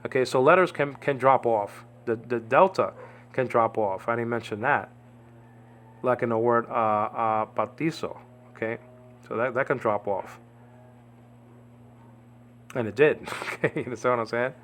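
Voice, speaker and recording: A man's voice: medium pitch, normal speed, long pauses, a bit bright, slight background noise. A man giving an informal Bible Greek lesson, rambling and often checking in with "okay?" and "you understand?". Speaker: Greek language teacher.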